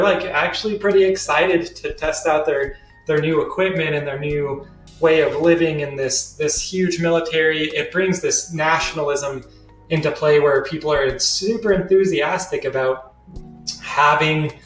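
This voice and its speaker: A man's voice: on the high side, far from the mic. A young man teaching a history lesson in a casual, slangy, chatty way. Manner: laid-back, slangy, chatty. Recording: roomy sound from away from the mic.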